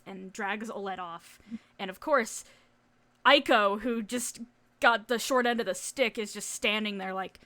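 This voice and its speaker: A woman narrating a tabletop game as game master, animated and casual with laughter and swearing. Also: mid-range voice, slow pace, pauses often.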